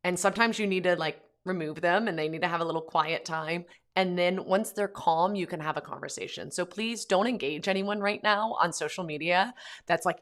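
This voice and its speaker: A woman's voice: fairly low pitch, normal speed, fairly bright tone. A woman, a mother, talking casually to camera in a vlog from home, with lots of "like" and "um" fillers. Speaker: Catholic pro-life vlogger, mother.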